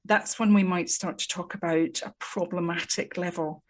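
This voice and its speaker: A woman, a psychologist, explaining her field in a measured, articulate way with frequent ums. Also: lowish voice, steady tone. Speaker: psychologist guest. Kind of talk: conversational expert explanation.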